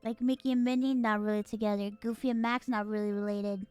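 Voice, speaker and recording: A woman hosting a stream, chatting casually with excitable, dramatic outbursts. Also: mid-range voice, fast, clear, resonant tone, no room sound, faint music behind. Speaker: stream host.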